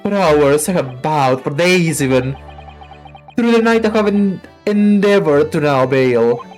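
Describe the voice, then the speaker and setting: A woman voicing a gloomy, dramatic male detective who plays violin, reading game dialogue aloud in a slow, melancholy way. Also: deep voice, lively intonation, a little mellow, soft background music. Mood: melodramatic.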